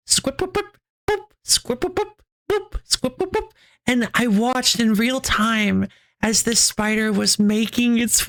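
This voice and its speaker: A woman streamer in casual chat, telling a story with lots of restarts, giggles and quick asides to her chat. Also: mid-range voice. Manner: reads chat aloud.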